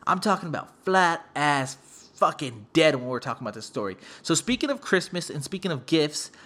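A man's voice: on the high side, very animated, a little fast, bright, forceful tone. A man hosting a podcast, telling a long casual story in a profane, rambling, laid-back way.

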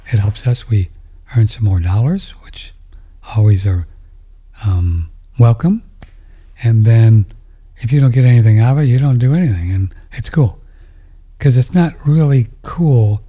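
A man hosting a talk radio show, chatting in a meandering way and trailing off into soft asides. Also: lowish voice, breathy edge. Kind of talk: casual rambling talk.

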